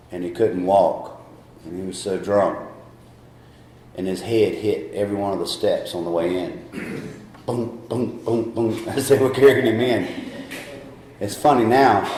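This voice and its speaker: At a recovery meeting, a middle-aged man with a Southern US accent gives a candid, rambling personal testimony, often laughing at himself. His voice sits lowish and a little mellow, with a roomy sound.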